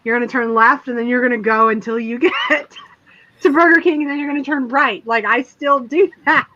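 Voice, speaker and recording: A woman's voice: a little high, a little fast, pushed and bright, a little hiss or hum. A woman in casual chat, rambling and filling her talk with "like", on a dull lo-fi recording. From rural area. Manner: rambling, chatty, lots of "like".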